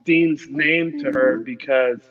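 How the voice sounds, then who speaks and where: Male guest, mid-pitched, relaxed rambling storyteller, earbud mic, dull lo-fi audio. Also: takes it slowly, crowd noise. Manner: relaxed, rambling, many fillers. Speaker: musician guest. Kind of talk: casual storytelling chat.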